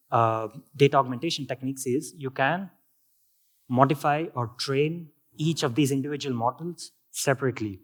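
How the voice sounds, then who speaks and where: Indian man giving a technical talk. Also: mid-range voice. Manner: explanatory, with frequent fillers and restarts. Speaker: conference speaker.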